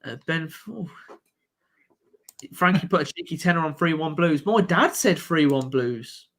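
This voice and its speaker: A man with a Birmingham accent, pitched a little high with a bright, forceful edge to his voice. He chats casually through a live football reaction stream and shouts at key moments. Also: lively intonation, a little slow. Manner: chatty, reacts loudly to the match. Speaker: stream host. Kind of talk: casual football watch-along chat.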